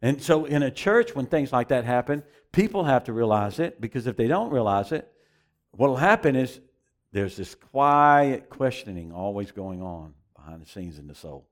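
A man's voice: mid-range voice, lively intonation, normal speed. A man preaching a sermon as pastor, emphatic and repeating phrases for emphasis.

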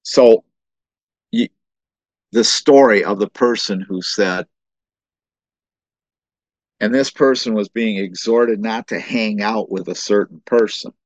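A man's voice: lowish voice, slow, pauses often, no room sound. A man preaching a sermon as the pastor, talking animatedly with restarts and acting out quoted voices. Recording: dull muffled dry recording.

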